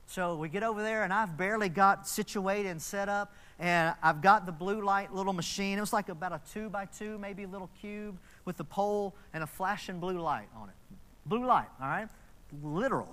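Man in his fifties, pastor, high voice, bright tone, chatty storytelling sermon. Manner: chatty storytelling with asides to the congregation. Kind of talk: conversational sermon.

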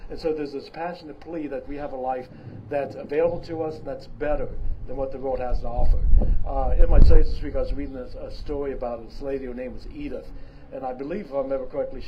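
A man giving a sermon as pastor, talking casually with fillers and restarts, then swelling to loud, emphatic preaching. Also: mid-range voice. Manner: emphatic preaching with big swings in loudness. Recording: dull lo-fi sound with clear background noise.

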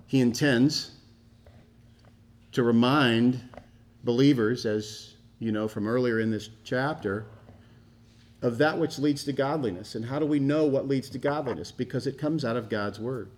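A man's voice: mid-range voice, unhurried. Emphatic male preacher. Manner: emphatic, repeats key phrases with rising stress. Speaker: pastor. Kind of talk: expository sermon.

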